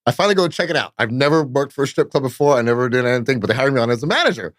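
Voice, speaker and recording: A nightclub promoter from Fresno, California, guests on a podcast, spinning long, rambling, profane stories peppered with "blah, blah, blah." His medium-pitched voice is expressive and rapid-fire, with slight background noise.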